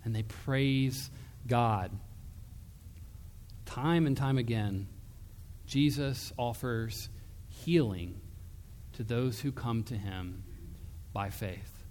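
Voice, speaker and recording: Male preacher, sermon, slow deliberate delivery, earnest and emphatic, long hall reverb. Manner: earnest, emphatic, drops soft and low for quoted words.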